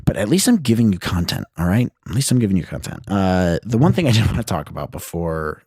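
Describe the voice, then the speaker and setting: Rambling man with a low, lively voice. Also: quick pace, husky, no room sound, clean studio sound. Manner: rambling, self-deprecating, laughs often. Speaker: podcast host. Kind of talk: casual solo podcast storytelling. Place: his old high school bedroom.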